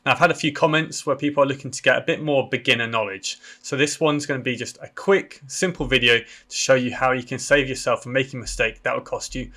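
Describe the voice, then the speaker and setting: A man's voice: mid-range voice, fairly even intonation, fast talker, hardly any pauses, pushed and bright. A man from the UK hosting a property education channel, casually walking viewers through a land listing on screen. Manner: casual, explanatory, with fillers. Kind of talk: screen-share walkthrough.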